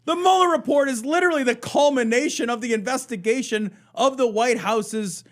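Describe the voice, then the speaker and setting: A man from Illinois co-hosting a casual political chat. He is animated and sarcastic, and he swears freely. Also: very high voice, brisk. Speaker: livestream co-host.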